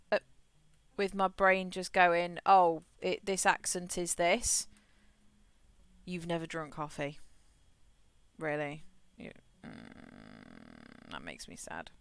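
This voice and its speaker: A woman's voice: medium pitch, a bit bright, clear, resonant tone, no room sound. A woman, chatting as she streams a game and telling a rambling story full of restarts. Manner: rambling storyteller, frequent restarts and repeated words. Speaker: livestreamer. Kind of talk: casual chat while playing a game.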